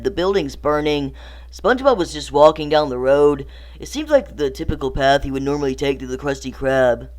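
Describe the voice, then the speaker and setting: Guy reading a creepypasta, super dramatic, whispery then yelling. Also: mid-range voice. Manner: theatrical, shifts between hushed whispers and anguished cries. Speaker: creepypasta narrator. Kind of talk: dramatic horror story reading.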